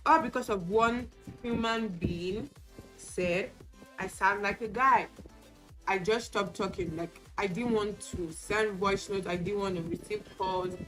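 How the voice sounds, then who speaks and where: A beauty vlogger chats casually during a get-ready-with-me video, telling candid personal stories and acting out what people said to her. Her mid-range voice is unhurried and a bit bright. Music plays in the background of this low-quality recording.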